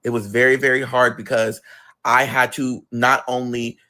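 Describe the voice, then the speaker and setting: A man's voice: medium pitch, little pitch movement, normal speed, pushed and bright. A man telling his personal story in an emphatic, profane way, with sudden outbursts. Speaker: guest telling his life story on a livestream.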